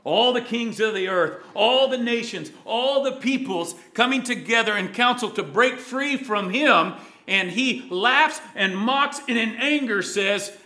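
A man preaching a sermon, dramatic, moving from loud emphasis to hushed, low lines. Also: lively intonation, measured pace.

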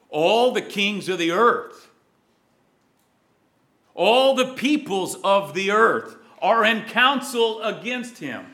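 A man preaching a sermon, dramatic, moving from loud emphasis to hushed, low lines. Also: animated, slow pace.

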